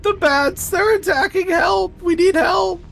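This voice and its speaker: A man's voice: extremely high pitch, measured pace, vocal fry, a bit bright, pitched above the performer's own voice, heavily acted. A man voicing a frantic old woman with a limp, crying out shrilly for help. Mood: panicked.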